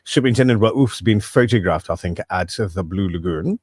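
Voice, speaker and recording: A man's voice: deep voice, expressive, normal speed, a little mellow, no room sound, clean studio sound. A man hosting a breakfast radio show, joking and reading out listener messages. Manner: jokey, reads out listener messages. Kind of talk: casual radio banter. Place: radio studio.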